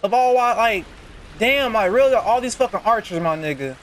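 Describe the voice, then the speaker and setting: A young man narrates his gameplay in a high, lively voice that leaps up and drops low as he mutters and swears at the screen. His frustration spills out in loose, casual commentary. A faint hiss sits under the recording. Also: moderate pace. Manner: frustrated, cursing, muttering at the game. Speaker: gaming channel host.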